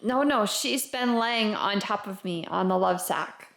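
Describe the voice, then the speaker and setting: Her voice is mid-range, gravelly and fairly bright as she speaks without rushing. She's a Florida mother casually chatting and giggling on camera for a family vlog, moving between home and a car, with noticeable background noise.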